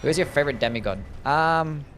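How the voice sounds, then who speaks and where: A man's voice: fairly high pitch, quick pace, fairly bright tone, slight background noise. A young man chatting casually while streaming a game, answering chat questions and swearing now and then. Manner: laid-back, swears, reads chat. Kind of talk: casual gameplay commentary.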